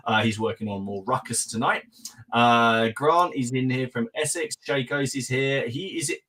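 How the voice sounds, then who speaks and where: A male podcast host on a live stream, rattling off viewer greetings one after another and tossing in quick remarks between names. His pitch sits in an ordinary middle range for a man. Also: pushed and bright.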